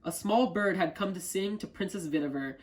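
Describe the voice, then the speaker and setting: Young guy reading a kids storybook out loud, careful and steady, trips on a word now and then. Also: high voice, brisk, poor audio. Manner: careful, even read-aloud with small stumbles. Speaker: volunteer reader. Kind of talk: reading a children's picture book aloud.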